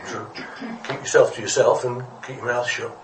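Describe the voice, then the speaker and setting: A man's voice: mid-range voice, fairly even intonation, brisk, background noise. A man preaching a rambling, good-humoured parable in a church. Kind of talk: storytelling sermon. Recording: echoey room from a distance.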